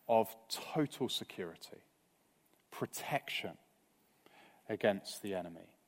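A man delivers a sermon in an unhurried, deliberate cadence. He speaks earnestly, and each phrase sinks quietly at its close. The sound carries a long church-hall reverb. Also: mid-range voice. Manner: earnest, measured, trailing off softly at phrase ends. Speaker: preacher. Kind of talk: evening sermon.

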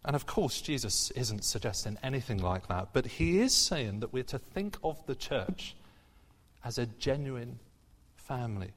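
A man's voice: mid-range voice, lively intonation, unhurried. A man preaching a sermon in an earnest, conversational way, with frequent fillers and restarts. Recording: long hall reverb.

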